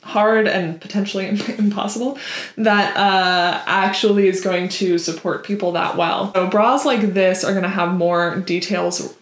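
A woman vlogger talks in a chatty, snarky way, full of ums and likes. Her voice sits at an ordinary pitch and rings a bit in an echoey room at home. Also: fairly even intonation, unhurried. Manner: chatty and snarky, with many fillers. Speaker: vlogger reviewing bras. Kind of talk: casual chat.

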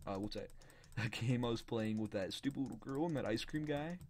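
Male let's-player, mid-pitch, rambling and giggly, excitable outbursts. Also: fairly quick. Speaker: gaming YouTuber. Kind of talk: let's play commentary.

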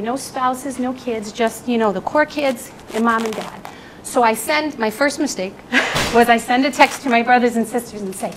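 A woman nurse presenting on palliative care to healthcare staff, telling stories with lively, animated shifts in voice. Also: a little hiss or hum, low-quality recording. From United States. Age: adult. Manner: animated storytelling with lively jumps in pitch.

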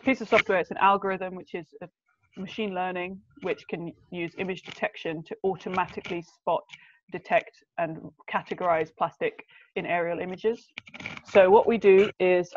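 A young woman telling stories as a podcast guest. She talks in an animated, emotional way, with big jumps in pitch. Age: young adult. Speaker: guest, documentary filmmaker. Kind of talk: conversational podcast storytelling. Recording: dull lo-fi sound.

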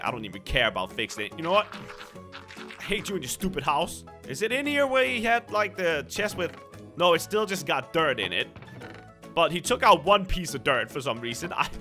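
A young man hosting a gameplay video, commentating in an excitable, dramatic way. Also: sits high. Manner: excitable, dramatic, shrieks at scares. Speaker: gaming video host.

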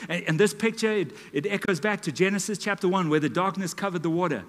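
A man, preaching a sermon in a church and telling a story dramatically, dropping to a hush and rising to loud calls. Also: high voice, fairly quick. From South Africa. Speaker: pastor. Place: church auditorium. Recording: live church hall reverb.

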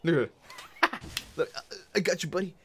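A man's voice: fairly high pitch, brisk, a little hiss or hum. A man streaming a video game, talking casually and rambling while often laughing at his own jokes. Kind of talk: casual gameplay commentary.

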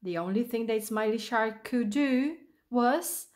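A woman reading a children's picture book aloud in a gentle, sing-song way. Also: on the high side, unhurried. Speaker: storyteller.

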